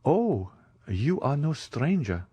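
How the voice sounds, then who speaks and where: Audiobook: man doing a gushing high-society baroness, lively, dry read. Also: slow pace, husky, no echo, dull audio, full character voice. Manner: effusive, flattering. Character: scheming wealthy baroness, gushing.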